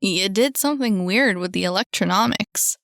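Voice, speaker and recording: A woman voicing a blunt, easygoing young man, only slightly lower than her own voice. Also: moderate pace, creaky, fairly bright tone, dry recording, clean studio sound. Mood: casual. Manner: blunt, offhand.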